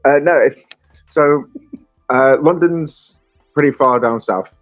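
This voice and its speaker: A man's voice: mid-range voice, slow pace, no room sound, dull audio, faint music behind. A man with a Staffordshire accent chatting casually as host, rambling and fond of accents. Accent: Staffordshire English. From England. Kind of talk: casual chat.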